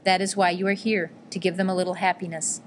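A gentle, sorrowful mother who speaks in a quiet, reassuring way, read by a woman narrating an audiobook. Her voice is low and subdued. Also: level tone, quick pace, a little hiss or hum, natural voice.

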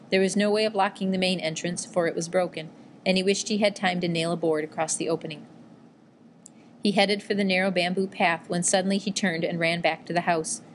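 A woman reads an audiobook in a low, measured voice. Her telling is even and steady, with a faint hiss in the background. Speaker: narrator. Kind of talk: audiobook narration.

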